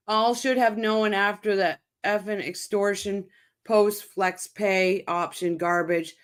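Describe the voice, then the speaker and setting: Woman streamer host, blunt and fired-up, swears freely, mid-pitched casual commentary. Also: fairly even intonation, takes it slowly. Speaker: livestream host. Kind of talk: casual commentary over press clip.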